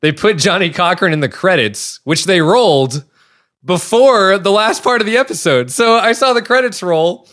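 A man co-hosting a casual comedy podcast over a video call, throwing in quick quips and laughing often. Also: high-pitched, lively intonation, fairly bright tone. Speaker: podcast co-host.

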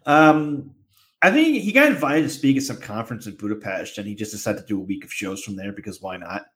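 A man's voice: lowish voice, animated, fairly quick, fairly bright tone. A man hosting a podcast, making rambling announcements and chatting casually. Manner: rambling announcements with many fillers and restarts. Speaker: podcast host.

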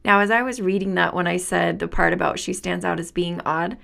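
A woman's voice: fairly low pitch, steady tone, a little fast, gravelly, fairly bright tone. A woman hosting a spiritual podcast, talking in an earnest, enthusiastic way and laughing often. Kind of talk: reflective spiritual monologue.

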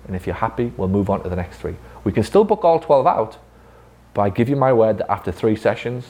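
A man's voice: on the low side, expressive, fairly quick, dark tone. A man training clinic staff in a casual talk, swearing freely and acting out conversations. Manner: blunt, swears freely, acts out dialogue. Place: physiotherapy clinic room, with staff.

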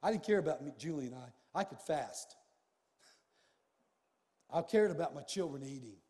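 A high-pitched male pastor delivers a storytelling sermon, dropping to near-whispers and then rising to shouts. His voice rings out with a long reverb, as in a large church hall. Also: moderate pace. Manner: animated, swings from hushed to shouting.

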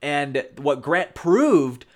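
A man with a fairly high voice casually recaps a show as commentary, extremely slowly yet in a loose, energetic manner. He keeps tacking on "you know" and "right?"

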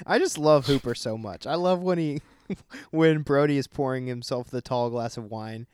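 A man's voice: mid-range voice, moderate pace, a little mellow, smooth, dry recording. A man co-hosting a podcast in a casual, wisecracking way. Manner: dry, wisecracking. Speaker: podcast co-host. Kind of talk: casual comedic chat.

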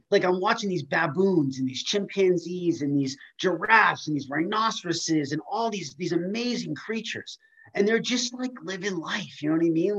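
A man's voice: fairly high pitch, highs cut off. A man talking in an emphatic, rambling, emotional way on a video call. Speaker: co-host. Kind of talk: casual video call chat.

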